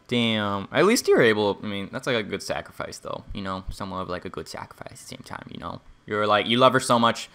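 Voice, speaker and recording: A man's voice: on the low side, pushed and bright, clean tone. A man streaming a game, chatting casually with viewers in a crude, rambling, joking way. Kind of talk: casual livestream gameplay commentary.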